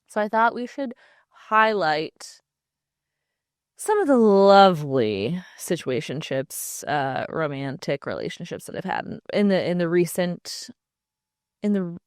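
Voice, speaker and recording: A woman chats her way through a solo podcast, animated and quick to laugh. Her voice sits a little low, and the close, dry mic leaves no room sound. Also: no room sound. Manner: chatty and animated, laughs often, jokey asides. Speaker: podcast host. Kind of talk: casual solo podcast chat.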